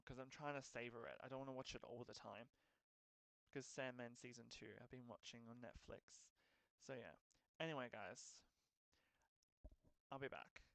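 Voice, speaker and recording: A man's voice: medium pitch, fairly bright tone, clear, resonant tone, no room sound. Chatty streamer man talking to viewers. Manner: chatty, rambling, talks straight to viewers. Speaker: game streamer. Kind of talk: casual live-stream chat while playing.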